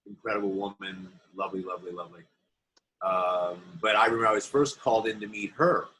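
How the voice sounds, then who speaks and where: Bright-voiced actor telling animated stories. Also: male voice, fairly low pitch, quick pace, rough recording. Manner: animated anecdotes, acts out quoted voices. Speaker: actor guest. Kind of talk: interview storytelling.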